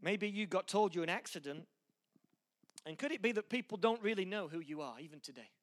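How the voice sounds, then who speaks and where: Preaching in a high-pitched, expressive voice at a fairly quick pace, a middle-aged pastor with a mixed Yorkshire-American accent encourages his listeners earnestly while poking fun at himself.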